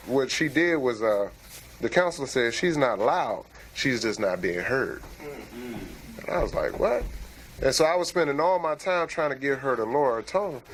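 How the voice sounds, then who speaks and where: A man in a barbershop talk, telling reflective stories in a level, monotone way. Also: medium pitch, a little hiss or hum. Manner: calls himself monotone, reflective storytelling. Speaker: barbershop discussion participant. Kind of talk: casual group chat.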